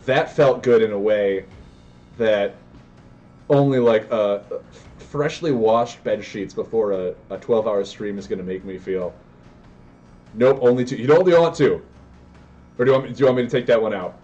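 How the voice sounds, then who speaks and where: A man commentating his own card game live, excitable and prone to yelling and tangents. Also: mid-range voice, lo-fi sound. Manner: excitable, yells in bursts, goes on tangents.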